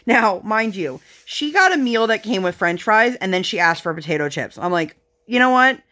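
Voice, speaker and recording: A woman's voice: medium pitch, lively intonation, moderate pace, fairly bright tone. A woman in her thirties chatting casually while crafting, telling family stories with lots of fillers and laughter. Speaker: crafting vlogger.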